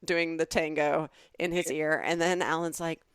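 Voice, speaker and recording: A middle-aged woman with a Southern American accent speaks in a somewhat low voice, recorded dry and close. She builds her anecdotes with animated detail, as a comedy podcast co-host. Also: moderate pace, clear, resonant tone, no room sound. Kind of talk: casual comedic chat.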